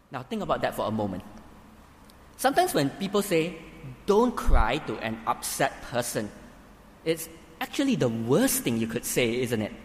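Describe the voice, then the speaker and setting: Man preaching a lively sermon. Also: mid-range voice, slight background noise. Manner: emphatic, rising to forceful peaks. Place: church hall. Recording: reverberant hall, faint ambience.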